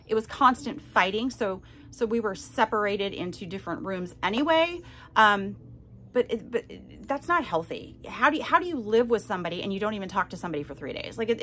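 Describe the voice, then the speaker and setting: A woman's voice: mid-range voice, a bit bright, slight background noise. A woman hosting a podcast, telling her own story in a candid, emphatic way and turning often to her listeners to check in. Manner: candid and emphatic, addresses listeners directly with frequent "okay?". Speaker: podcast host. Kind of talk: personal testimony to listeners.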